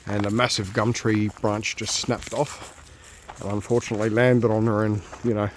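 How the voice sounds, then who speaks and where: A man's voice: on the low side, level tone, moderate pace, slight background noise. A man with an Australian accent chatting casually while walking his dog outdoors, rambling with fillers. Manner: easygoing, chatty, many fillers and asides. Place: outdoors on a nature walk.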